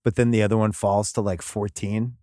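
Dry-sounding excitable male podcast host. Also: lowish voice, a little fast, no room sound. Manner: rambling, excitable, breaks into laughs. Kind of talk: casual sports chat.

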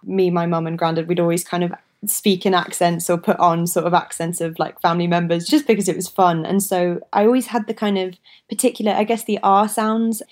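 A woman's voice: on the low side, level tone, brisk, hardly any pauses, darkish tone. A woman in her twenties chatting as an interview guest, laughing often and hedging her words. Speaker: actress, guest. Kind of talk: casual interview chat.

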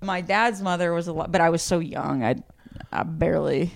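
A man's voice: fairly high pitch, moderate pace, gravelly. A man in his forties co-hosting a casual podcast chat, jumping in with quips. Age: 40s. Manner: chatty, jumps in with quips. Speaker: podcast co-host.

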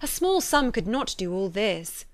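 A woman reading a classic novel aloud, voicing an eager, sharp-witted young woman who speaks in urgent exclamations. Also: medium pitch, big pitch swings, a little slow, no room sound. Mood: anxious, urgent.

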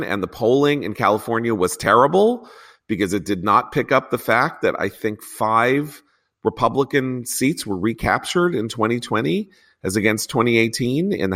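Rambling lower-voiced male podcast host. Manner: rambling, animated, self-interrupting. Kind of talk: political discussion.

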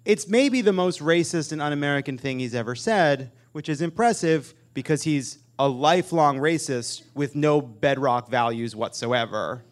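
A man hosting a live comedic political talk show on stage, joking and animated, with loud emphatic bursts. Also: a little high, normal speed, hardly any pauses. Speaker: podcast host.

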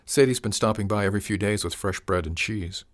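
A man voicing a gentle older village woman who works as an herb healer, speaking kindly and a little self-mockingly. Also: on the low side, fairly quick, dry recording, clean studio sound, natural voice.

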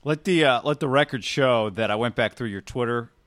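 A man's voice: medium pitch, brisk, fairly bright tone. A man co-hosting a casual sports talk show, teasing his partner and rambling in a wry way. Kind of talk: casual sports radio chat.

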